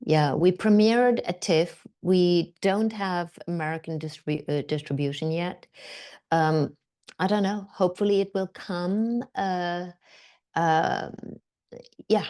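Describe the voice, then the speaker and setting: Lively, storytelling woman actor, lower pitched. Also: slow. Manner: animated, acts out quotes, many fillers. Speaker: guest actor. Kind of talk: conversational storytelling.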